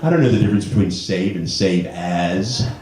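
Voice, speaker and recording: A man in his fifties doing a stand-up comedy set on a club stage, telling stories and jumping into high voices for the people he quotes. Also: moderate pace, very noisy. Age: 50s. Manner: animated storytelling, jumps high for quoted voices. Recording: roomy club with audience laughter. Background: audience laughing.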